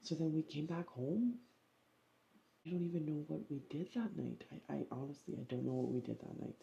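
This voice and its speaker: A woman's voice: low voice, a little fast, vocal fry, dark tone, muffled recording. A woman vlogger chatting casually at home, rambling through a story with lots of fillers. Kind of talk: casual vlog chat.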